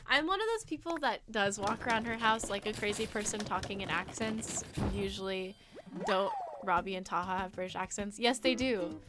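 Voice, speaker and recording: A woman's voice: mid-range voice, fairly quick, music in the background. A young American woman, a musician streaming a game, chatting casually and rambling through stories between frequent laughs. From United States. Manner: chatty, rambling storyteller who often laughs. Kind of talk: casual chat while gaming.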